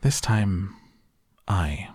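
A man voicing an eccentric, cheerful chocolate maker in a storybook reading, brisk, gleeful and theatrical. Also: sits low, darkish tone, slightly rough, dry recording, studio quality, full character voice.

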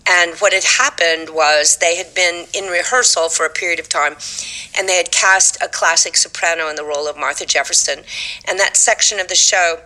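A woman's voice: fairly low pitch, moderate pace, poor audio. A woman in her seventies from Texas, a stage actress and singer telling stories in an interview and acting out the voices of the people in them. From Texas, USA. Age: 70s. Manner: animated, acts out quoted voices in her stories. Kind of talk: storytelling in a conversational interview.

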